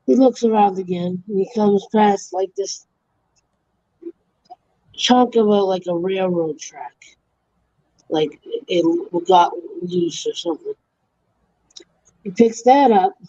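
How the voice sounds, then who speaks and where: Very mellow, dry-voiced woman telling rambling jokes. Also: a little high, no echo, lo-fi sound. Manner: rambling, restarts and self-corrections mid-story; laughs at her own jokes. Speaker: livestream host. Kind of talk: casual joke-telling.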